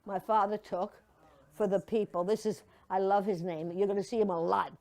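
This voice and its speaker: An older woman gives a reflection alongside a memorial slideshow, telling stories to a church audience. Her medium-pitched voice has a darkish tone, fairly even intonation, and a moderate pace, and she's chatty and playful, slipping into mocking put-on voices.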